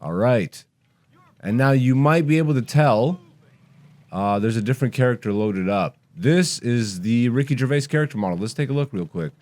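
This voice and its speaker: A man in his thirties, a comedian hosting his podcast, chatting casually and rambling in a relaxed, self-deprecating way. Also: mid-range voice, moderate pace. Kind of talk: casual podcast chat over gameplay.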